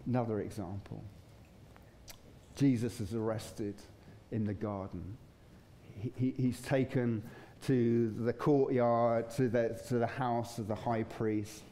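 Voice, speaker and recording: Male pastor, warm low-key sermon delivery, relaxed and chatty. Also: slow pace, slight background noise. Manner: conversational, chuckling, acts out voices in stories. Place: church.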